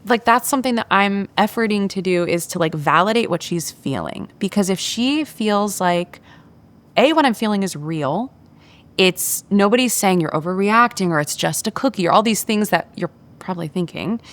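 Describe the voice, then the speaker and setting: A woman guest in a podcast interview, telling a parenting story in a candid, animated way and acting out the voices she quotes, with many filler words. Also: medium pitch, moderate pace.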